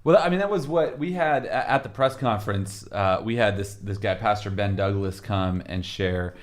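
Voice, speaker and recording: Low-voiced man telling a story. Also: moderate pace. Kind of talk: podcast discussion.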